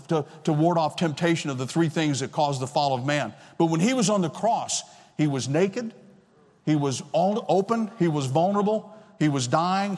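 A man in his sixties preaching a sermon as pastor, emphatic and repeating key phrases. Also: on the high side. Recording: long reverb of a large hall.

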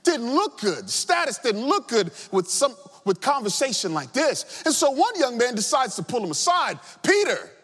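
A man preaching a sermon as pastor, impassioned, dropping his voice low for emphasis and rising again. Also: very animated, normal speed, few pauses, a bit bright, slightly rough, long reverb tail.

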